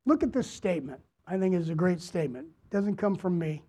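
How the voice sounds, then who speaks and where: A man preaching a sermon as pastor to his congregation, deliberate, repeating phrases and asking them questions. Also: high-pitched, expressive, dark tone. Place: church, before a congregation.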